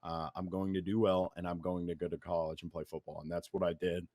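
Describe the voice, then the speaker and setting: A man's voice: low voice, level tone, quick pace, a little mellow, dry recording, studio quality. An eighteen-year-old man from the United States, a guest streamer talking earnestly and motivationally in a casual interview. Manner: earnest, motivational, repeats words.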